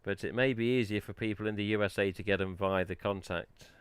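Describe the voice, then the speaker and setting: Give me a man chatting loosely on a live stream, low and dry. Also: fairly even intonation, brisk, clean tone, dry recording. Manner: rambling, chatty, reads chat aloud. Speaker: livestream host. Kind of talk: casual live-stream chat.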